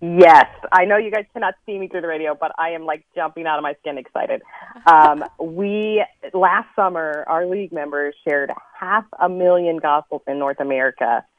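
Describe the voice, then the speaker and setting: A woman's voice: deep voice, moderate pace, no echo. A woman guest on a radio interview who explains things in an upbeat way with frequent ums. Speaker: ministry guest. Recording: dry tinny phone line.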